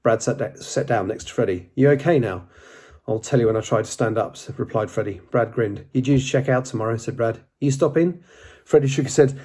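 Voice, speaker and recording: A man's voice: mid-range voice, fairly quick, mellow, husky. A man narrating an audiobook, reading plainly and lightly voicing the dialogue.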